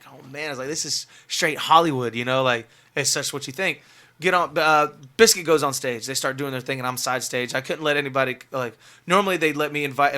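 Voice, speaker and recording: A young man, a guest musician, telling a rambling, excitable story in a casual podcast interview, full of filler words. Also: mid-range voice.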